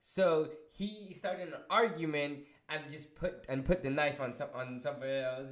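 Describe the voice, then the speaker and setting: A man recapping a show episode in a casual review, excitable and swearing, with many restarts and fillers. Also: a little high, normal speed. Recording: roomy echo.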